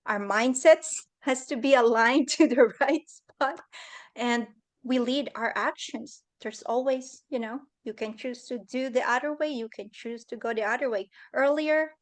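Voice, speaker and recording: A woman's voice: fairly high pitch, measured pace. A woman speaking as a guest at a leadership summit over a video call, telling a personal story in an earnest, heartfelt way.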